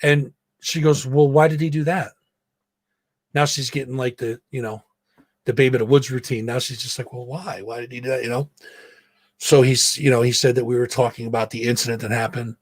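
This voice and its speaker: Profane, animated man telling a story. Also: mid-range voice, normal speed, no echo. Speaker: podcast host. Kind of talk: casual storytelling chat. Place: home studio. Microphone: own mic, mutes it to vape.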